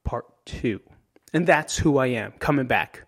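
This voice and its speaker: A New Jersey man hosts a solo podcast monologue in a medium-pitched voice with lively intonation, speaking a little slowly. He's candid and emotional, swears freely, and caps his points with "right?"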